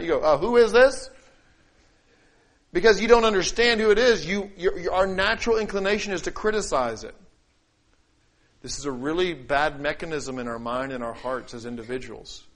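A man preaching a sermon, acting out quoted voices and scripture, swinging between loud declaiming and quiet asides. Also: a little high. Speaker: pastor.

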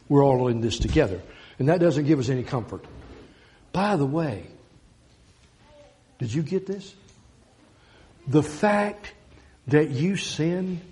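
A man preaching a sermon, declaiming scripture slowly and swinging from loud emphasis to quiet intensity. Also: medium pitch.

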